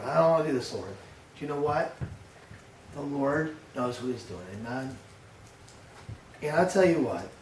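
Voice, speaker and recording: An older man, a pastor, giving a sermon with lively storytelling, acting out his grandson's voice. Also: medium pitch, slight background noise. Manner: storytelling, animated, acts out a toddler's voice. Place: church. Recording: echoey church room heard from a distance.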